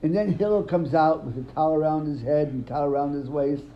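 Leading a Talmud class, this man speaks fairly quickly in a voice on the high side, questioning students and retelling stories with animation while repeating words often. The lo-fi audio is dull, carrying a little hiss or hum and faint room ambience.

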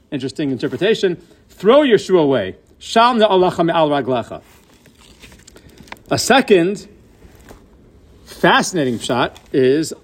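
A man giving a Torah lesson, posing questions and answering them, weaving Hebrew terms into his English. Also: sits high. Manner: inquisitive, poses questions then answers them; mixes Hebrew and Yiddish-style terms into English. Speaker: Torah teacher. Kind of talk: Torah class lecture.

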